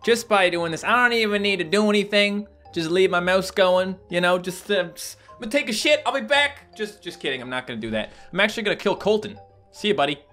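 Young male gaming host, lively swooping delivery, bright voice, casual let's-play chat. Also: high voice, fast, soft background music. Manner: animated, yelps and laughs at sudden attacks. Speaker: gaming YouTuber.

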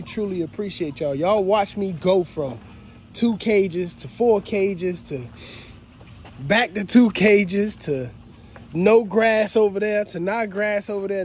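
Guy thanking his viewers over and over, high voice, phone vlog outside by the dog yard, some faint noise. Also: unhurried, darkish tone. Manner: heartfelt, repetitive, addresses viewers as fam. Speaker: dog breeder vlogger. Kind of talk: casual thank-you vlog. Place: outdoor dog kennel yard. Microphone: phone held while walking outdoors.

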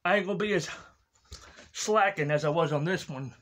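A man hosting his own comedy video, casually introducing each sketch with slow, unpolished explanations and restarts. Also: a little high, fairly bright tone. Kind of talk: casual skit narration.

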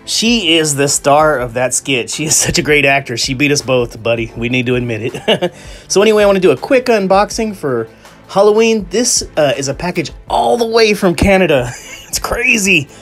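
A man hosting his toy channel, chatting casually in an excitable, rambling way with frequent laughs. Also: fairly high pitch, normal speed. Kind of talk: casual vlog chat. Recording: background music.

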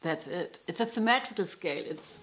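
A woman with a mid-range voice gives a casual guitar lesson at a moderate pace. Chatty, she keeps breaking off to correct herself and laughs at her own slips, while loud guitar playing sounds behind her.

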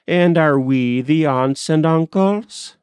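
A man doing hushed, teasing wedding guests. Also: fairly high pitch, slow, smooth, no echo, studio quality, pitched above the performer's own voice. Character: whispering, amused wedding guests.

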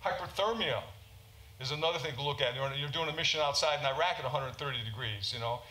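A man's voice: mid-range voice, quick pace, sharp tone. A man from the United States, a physician, giving an informal conference lecture and often checking in with "okay?". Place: large conference hall. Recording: roomy hall with faint ambience.

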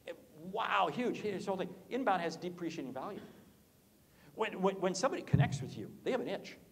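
A man speaking from the stage at a sales conference, with a fairly high voice that climbs and drops all over the place as he works the crowd. He talks to the audience directly, teases people in the room, and punches key lines. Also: brisk, creaky. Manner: animated, swoops pitch up and down, jokes with audience. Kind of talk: energetic conference talk. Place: conference hall.

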